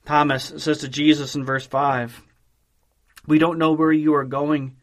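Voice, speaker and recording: A man preaching a devotional sermon in a measured, emphatic way, slowing down on key phrases. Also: fairly high pitch, level tone.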